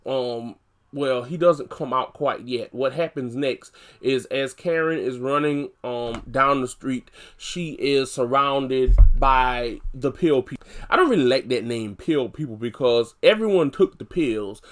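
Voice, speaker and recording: A man casually recapping a TV episode, chatty and full of fillers, growing animated as he retells scenes. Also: mid-range voice, a little slow.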